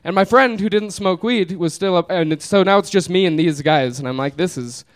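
A man's voice: high-pitched, fairly quick. A young man telling a funny story to a live audience, laid-back and laughing through it. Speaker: comedian telling a story on stage. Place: small live venue.

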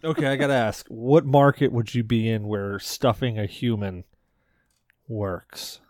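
A man's voice: medium pitch, steady tone, a little slow, darkish tone, dry recording, studio quality. A man hosting a podcast in casual chat, a bit tipsy from beer and joking loosely at his own expense. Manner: loose, self-mocking joking.

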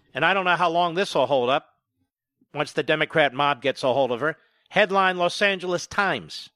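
A man hosting a political talk radio show, emphatic and indignant, firing off rapid points. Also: a little high, fairly bright tone, no echo.

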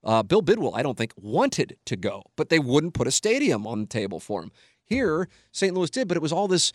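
A man's voice: fairly high pitch, huge pitch swings, brisk, dry recording, clean studio sound. A middle-aged man hosting a podcast, talking bluntly and emphatically and swearing freely. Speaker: podcast host. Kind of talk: casual opinionated podcast talk.

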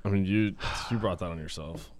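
A man's voice: low-pitched, brisk, crowd noise. A man co-hosting a podcast in casual chat, laid-back, teasing and profane. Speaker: podcast co-host.

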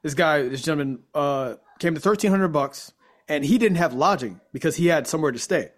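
A man's voice: a little high, brisk. A man co-hosting a casual golf podcast, telling stories and acting out what people said. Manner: animated storyteller, acts out quotes. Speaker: podcast co-host.

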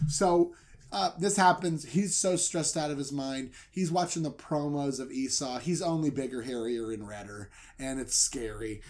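A man's voice: mid-range voice, normal speed. A man telling a comedic story in a rambling way, often breaking into laughter. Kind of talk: comedic retelling.

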